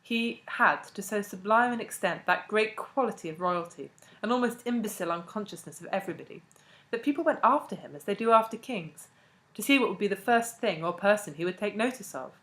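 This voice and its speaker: A woman narrating a classic novel as an audiobook, in a measured and expressive way. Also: medium pitch. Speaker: audiobook reader.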